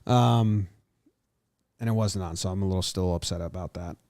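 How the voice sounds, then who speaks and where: A man's voice: low voice, normal speed, no room sound, studio quality. Playful man reeling off baseball stats. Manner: animated, playful, reels off stats. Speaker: podcast co-host. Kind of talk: casual sports chat.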